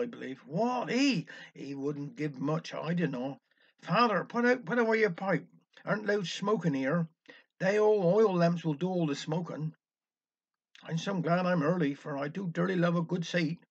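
A man's voice: high-pitched, breathy edge, heavily acted. A man with a Cornish accent voicing a chatty, grumbling old village woman in a concert audience. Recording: dull lo-fi recording.

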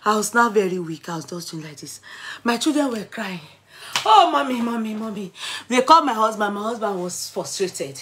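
A middle-aged woman with a Nigerian accent tells a personal story to camera in a vlog, dramatic and animated, switching between English, pidgin and Yoruba. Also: mid-range voice, a little fast, slight background noise. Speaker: vlogger.

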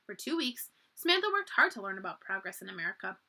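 A woman reading a children's book aloud for a library, expressive and lively. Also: mid-range voice, quick pace. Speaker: library storyteller.

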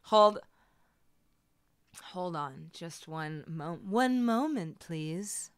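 A woman's voice: fairly low pitch, animated, drawn-out words, clean tone. A woman musician livestreaming, chatting casually and bubbly with her viewers, a little tired and her voice not at full strength. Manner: bubbly, laughing, talking to chat.

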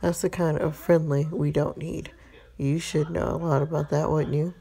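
A possessive young husband in an interactive story game talks in a blunt, clipped way, voiced by a woman. His voice sits low and gravelly. The timbre is dark and mellow. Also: little pitch movement, moderate pace. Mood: irritated. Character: jealous protective young husband.

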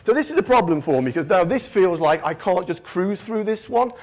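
High, lively British man giving a keynote. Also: fairly quick. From United Kingdom. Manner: jokey, self-mocking, chatty with fillers like "right?". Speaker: conference keynote speaker. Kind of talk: comedic conference keynote.

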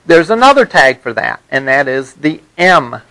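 A man's voice: on the high side, big pitch swings, moderate pace, pushed and bright, rough recording. A man teaching a college web development class, explaining patiently and often checking in with "all right?". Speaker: college instructor. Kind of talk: classroom lecture.

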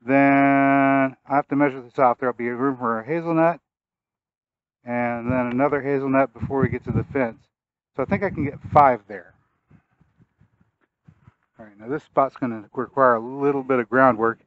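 A man's voice: medium pitch, fairly even intonation, normal speed, pauses often, no room sound, narrow, tinny audio. A man hosting a gardening vlog outdoors, a little out of breath, talking casually and thinking aloud as he plans where to plant. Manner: folksy, thinking aloud while working. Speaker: gardening channel host. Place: outdoors in a yard.

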